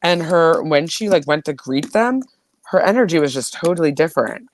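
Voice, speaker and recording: A woman's voice: low-pitched, lively intonation, normal speed. Woman host rambling away, lots of "like", giggly, bouncy voice. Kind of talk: casual chat.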